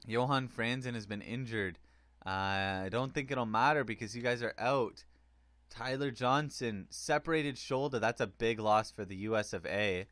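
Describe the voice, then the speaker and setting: Man, gaming commentator, excitable and rambling, smooth dry close voice. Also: medium pitch, moderate pace, dry recording. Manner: excitable, rambling, with frequent fillers. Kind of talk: casual hockey game commentary.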